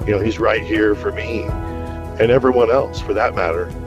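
Halting man sharing testimony over music. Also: fairly low pitch. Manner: halting, full of restarts. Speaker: radio guest. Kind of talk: personal testimony. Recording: dull audio with music behind.

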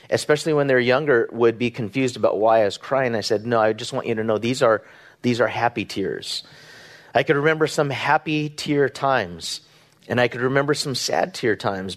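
A middle-aged man, a pastor from Southern California, preaching in an earnest, conversational way, with rhetorical questions and small restarts. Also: medium pitch. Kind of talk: sermon.

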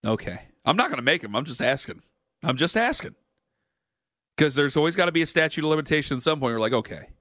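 Sports radio host, male, high bright voice, dry studio sound, animated jokey storyteller. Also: fast talker, no room sound. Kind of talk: storytelling on radio talk show.

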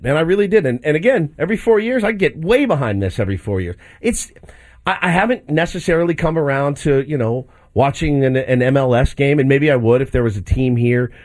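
A man hosting a sports talk show, chatting enthusiastically and jokingly about a match. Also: medium pitch. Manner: enthusiastic, animated, jokey. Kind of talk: casual sports chat.

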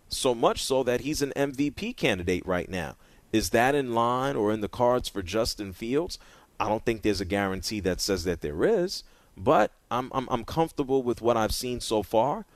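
A man's voice: mid-range voice, animated, moderate pace, dry recording. A man hosting a sports talk radio show in a casual, conversational way, often stammering and repeating words at a studio microphone.

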